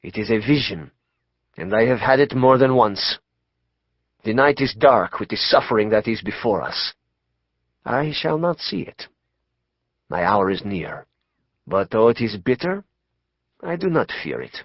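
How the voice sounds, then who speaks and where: Brief: narrator doing a hushed, ominous male prophet, lively pitch, dull dry audio. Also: no echo. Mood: foreboding. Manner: slow, hushed, ominous delivery. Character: grave male mystic prophet foreseeing doom. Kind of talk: audiobook character voice.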